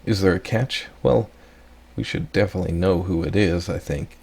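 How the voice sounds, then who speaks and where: A man hosting a let's play, casually reading game text and thinking aloud with relaxed asides. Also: low-pitched, normal speed, vocal fry, breathy edge.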